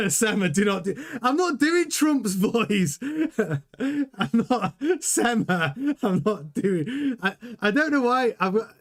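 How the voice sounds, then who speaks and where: A man's voice: sits high, very animated, takes it slowly. A man hosting a live watchalong, reading out viewer chat and giving casual, rambling commentary that often stops and restarts mid-sentence. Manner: chatty, rambling, self-interrupting. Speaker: livestream host reading chat.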